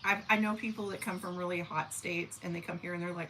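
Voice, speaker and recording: A woman's voice: fairly low pitch, fast talker, pushed and bright, slight background noise, poor audio. A woman in her forties from southern Missouri, hosting a casual live stream, chatting folksily with viewers and talking to her dogs. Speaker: livestream host. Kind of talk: casual live chat reading comments.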